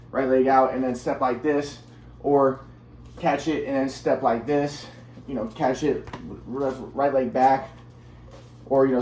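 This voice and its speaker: A man's voice: mid-range voice, a little mellow, roomy sound. A man telling a personal story in a casual, rambling monologue, repeating himself while demonstrating moves.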